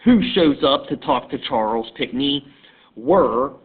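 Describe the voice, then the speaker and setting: A male teacher walks through a history lesson as a loose, halting story. His delivery is slow and husky. The recording is thin and phone-like. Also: mid-range voice, lively intonation. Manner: conversational, halting, digressive.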